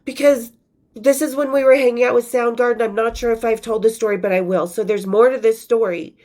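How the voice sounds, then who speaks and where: A woman's voice: a little high, steady tone, brisk, warm tone. A woman hosting her own show, reading from her old journals in a candid, profane, casual storytelling manner with laughing asides. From western United States.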